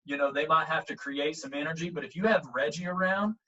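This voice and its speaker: A man, a baseball coach, telling a lively story in an interview. He talks casually, acts out the quotes and uses many fillers. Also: on the high side, fast talker, distant mic. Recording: muffled audio, speaker set back from the mic.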